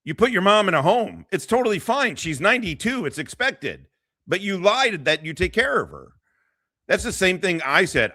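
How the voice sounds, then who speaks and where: A streamer host delivers a profane, casual livestream rant, crude and mocking and laughing often, at an unhurried pace. His bright, fairly high voice jumps around in pitch, and the sound is dry and close with no room echo.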